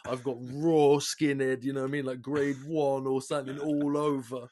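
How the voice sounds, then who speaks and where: A young man with a London accent telling rowdy stories on a casual podcast, swearing freely and jumping between loud and quiet. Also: moderate pace. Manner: animated, swearing, big jumps in pitch and loudness. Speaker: podcast co-host. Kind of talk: casual storytelling chat.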